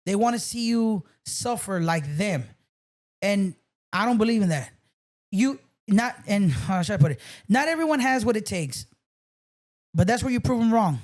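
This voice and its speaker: A man's voice: high voice, lively intonation, moderate pace. A man, a guest on a podcast, chatting casually and telling loose stories with swearing and bits of Spanish. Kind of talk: casual chat.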